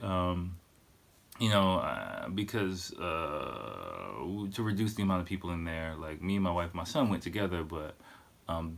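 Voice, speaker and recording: A man's voice: deep voice, creaky. A middle-aged man hosting a podcast, telling a casual story full of swearing and fillers like "you know" and "like". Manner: profane, laid-back, loose with fillers like "you know" and "like". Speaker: podcast host.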